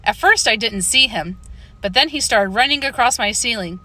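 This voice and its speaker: A woman narrating a children's book with an expressive storytelling delivery, close to the mic. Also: a little high, moderate pace. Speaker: audiobook narrator.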